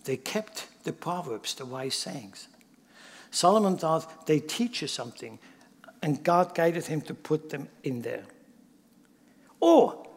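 A pastor preaching a sermon in an emphatic way, often putting rhetorical questions to his congregation. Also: sits high. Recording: long hall reverb.

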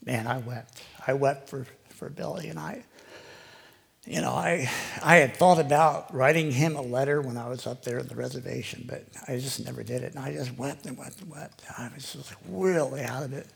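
A man's voice: medium pitch, moderate pace, vocal fry, slightly rough. An older man giving a rambling, conversational personal testimony to a live audience, heavy with "you know". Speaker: lay preacher giving a testimony.

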